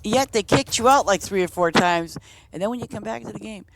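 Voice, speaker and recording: Woman streamer, casual storyteller, meandering with fillers and restarts; mid-pitched voice. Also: fairly quick, creaky, background noise. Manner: rambling, lots of "you know" and restarts. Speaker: game streamer.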